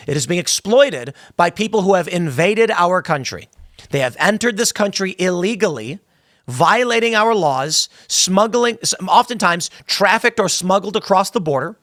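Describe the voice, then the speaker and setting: A man's voice: high voice, expressive, normal speed, fairly bright tone, no echo, clean studio sound. A man giving opinionated political commentary, emphatic, often stumbling over and repeating words.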